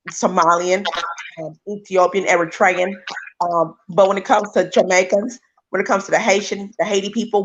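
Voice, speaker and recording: A woman's voice: mid-range voice, lo-fi sound, slight background noise. Emphatic rambling woman in casual chat. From California Bay Area. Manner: rambling, emphatic, repeats phrases.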